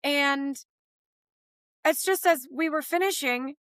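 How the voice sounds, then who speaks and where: A woman's voice: high voice, slow pace, fairly bright tone, no echo. A woman hosting a podcast, telling a personal story in emphatic, conversational chat. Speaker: podcast host.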